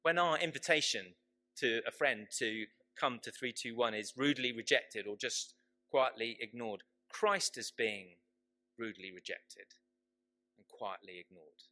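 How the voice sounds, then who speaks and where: A man preaching a sermon, slow and emphatic, repeating his key phrases for weight. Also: mid-range voice, bright, forceful tone.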